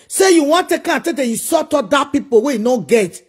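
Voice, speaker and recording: A man's voice: very high voice, expressive, brisk, a little mellow. A man with a Nigerian accent delivering a preachy, scolding monologue full of repeated rhetorical questions. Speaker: social media commentator.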